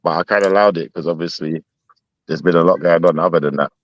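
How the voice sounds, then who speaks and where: Lowish guy on a panel poking at people with questions, dry sound. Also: quick pace, no room sound, lo-fi sound. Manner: teasing, probing questions. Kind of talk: casual live panel chat.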